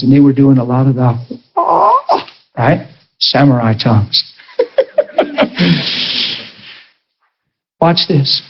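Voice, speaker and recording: Husky storytelling preacher, lo-fi. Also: male voice, mid-range voice. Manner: storytelling, acts out dialogue, rises to emphatic peaks. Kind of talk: sermon testimony. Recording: dull lo-fi sound.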